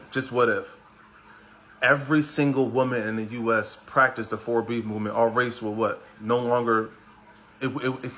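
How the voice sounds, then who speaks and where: A man's voice: mid-range voice, fairly bright tone, a little hiss or hum, poor audio. A man hosting a podcast, giving a blunt, lecturing commentary monologue aimed at other men. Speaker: podcast host.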